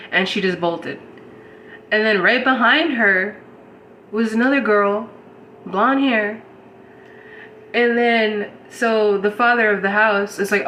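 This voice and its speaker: A woman's voice: medium pitch, a little hiss or hum, rough recording. A woman casually retelling a strange dream to her audience, rambling and saying "like" constantly. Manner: rambling, heavy use of "like", animated retelling. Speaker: host recounting a dream. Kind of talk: casual storytelling to a live audience.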